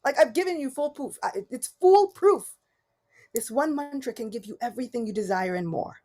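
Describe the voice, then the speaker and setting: A woman's voice: fairly high pitch, animated, moderate pace, mellow. Woman voicing an exasperated, questioning deity. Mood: incredulous. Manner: dry, incredulous questioning. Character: exasperated deity gently scolding a devotee.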